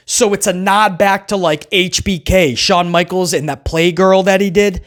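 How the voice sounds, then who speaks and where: High-voiced man casually recapping wrestling. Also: fairly even intonation, moderate pace, fairly bright tone. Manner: loose and chatty, often says "man", chuckles. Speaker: wrestling show host. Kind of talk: casual solo recap commentary.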